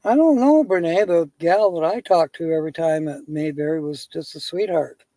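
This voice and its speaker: A man's voice: on the high side, moderate pace, dark tone, no room sound. Guy chatting on a live stream, rambly, laughs at his own jokes, dry close sound. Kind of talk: casual chat and joke-telling.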